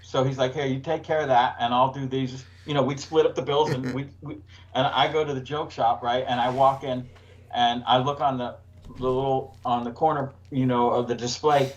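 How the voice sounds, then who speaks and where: A man's voice: mid-range voice, steady tone, normal speed, muffled recording. A man telling a profane work story on a casual podcast, laughing through his own punchlines. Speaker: podcast co-host.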